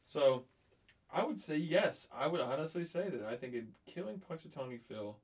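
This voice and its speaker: A man co-hosting a podcast, riffing with deadpan, crude, absurd humor in casual banter. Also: a little high, moderate pace, breathy edge. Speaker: podcast co-host.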